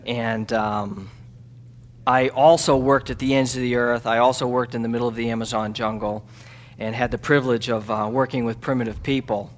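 A man, a missionary, telling a story in a church sermon, halting with ums and restarts, then building to loud fervent preaching. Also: mid-range voice, level tone. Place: church sanctuary.

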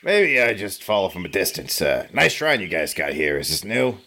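A man's voice: deep voice, big pitch swings, moderate pace, bright, forceful tone, pitched below the performer's own voice, full character voice. A man playing an armored bodyguard who talks in a sheepish, placating, rambling way. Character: armored male bodyguard, easygoing and awkward.

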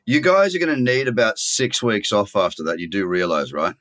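A man's voice: fairly low pitch, sing-song, fairly quick, fairly bright tone, dry recording. A man hosting a podcast, chatting casually and joking with his guests. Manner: joking, upbeat interviewer. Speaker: podcast host.

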